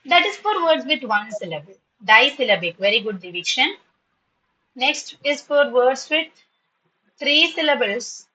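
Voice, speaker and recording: A woman teaching an online English class, patiently spelling words and repeating them slowly. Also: sits high, sing-song, pushed and bright, rough recording.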